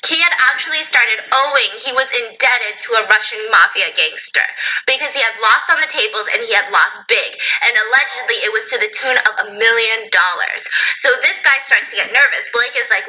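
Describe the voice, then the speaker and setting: Bright, sassy woman telling a story. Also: fairly high pitch, fairly quick, dull audio. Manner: animated, acts out characters' lines with sass. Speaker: storytelling video host. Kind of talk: casual storytelling commentary.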